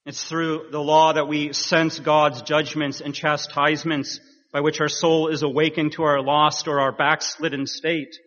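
Slow, earnest preacher in a reverberant hall. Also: male voice, fairly high pitch, level tone, fairly bright tone. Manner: measured, earnest preaching with emphatic rises. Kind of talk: sermon. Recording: dull sound in a reverberant hall.

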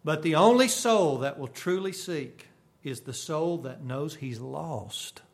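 A man preaching a sermon, swinging from sudden loud bursts to hushed, quiet lines. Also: on the high side, expressive, takes it slowly, vocal fry.

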